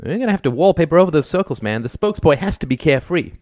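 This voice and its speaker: A man reading an audiobook and voicing a glib, fast-talking male TV producer with cynical sales patter. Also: fairly high pitch, animated, darkish tone, dry recording, clean studio sound, pitched above the performer's own voice. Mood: brash.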